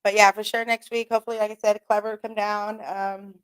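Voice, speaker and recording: With a clear, resonant voice of medium pitch, a woman hosts a radio show and chats solo at a brisk pace with little pitch movement. She rambles, swears and laughs frequently in the studio.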